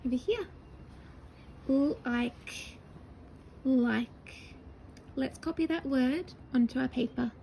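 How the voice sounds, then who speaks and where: A woman teaching young children to write a sentence, sounding out each word slowly and patiently with encouraging praise. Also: sits high, gravelly, mellow, a little hiss or hum, poor audio. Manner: slow, sounding out words syllable by syllable. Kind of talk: early-years writing lesson.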